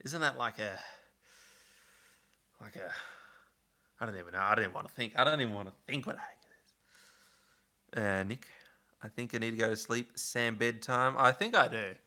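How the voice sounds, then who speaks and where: Male streamer, casual rambling chat with viewers, very bright and forceful tone. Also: medium pitch, normal speed, long pauses. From Australia. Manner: rambling, chatty, answering chat comments. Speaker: livestream host.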